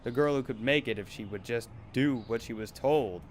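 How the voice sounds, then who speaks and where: A man's voice: mid-range voice, moderate pace, slight background noise, lightly acted. A man voicing an abusive, bullying male talent manager in a game, berating and menacing in turn. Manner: berating, menacing, then wheedling.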